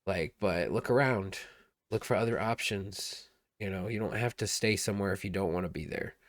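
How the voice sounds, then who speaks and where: A man's voice: sits low, moderate pace, no room sound, clean studio sound. A man casually reacting to a song as a streamer, rambling and laid-back, peppering his talk with "like" and "dude".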